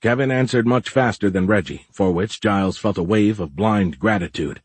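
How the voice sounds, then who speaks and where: A man reading a novel aloud in steady, measured audiobook narration. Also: on the low side, breathy edge, dry recording.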